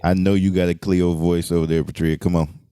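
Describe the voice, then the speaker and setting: Playful man co-host, low and warm, casual podcast chat. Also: level tone, a little fast, smooth, dry recording. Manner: playful, teasing, lots of low "mm" replies.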